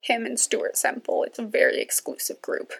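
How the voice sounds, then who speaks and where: Young female podcast host, gravelly tone, casual self-mocking rant. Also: fairly high pitch, little pitch movement, moderate pace. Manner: chatty, self-deprecating, rambling with asides.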